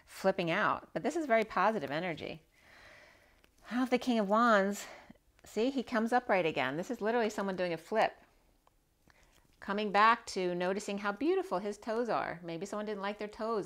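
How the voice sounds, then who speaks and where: A woman's voice: fairly low pitch, normal speed, a bit bright. A woman giving a casual spiritual tarot reading, rambling and repeating herself and checking in with "right?" as she goes. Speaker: tarot reader.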